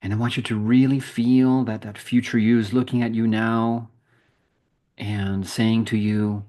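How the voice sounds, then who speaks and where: A man leading a group spiritual challenge, talking softly and slowly through a guided meditation over a video call. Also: lowish voice, little pitch movement. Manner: soft, slow, soothing with long pauses.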